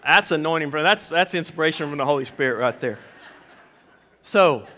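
A man's voice: on the high side, moderate pace. A man with a Southern US accent preaching a sermon in a church, telling stories animatedly and acting out the quotes. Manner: animated storyteller, acts out quotes. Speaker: pastor.

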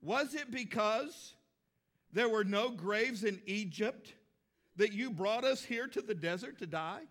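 A man's voice: high voice, animated, takes it slowly, fairly bright tone, heavily acted. A man, a preacher, voicing a frightened crowd of ancient people who complain in a whiny tone.

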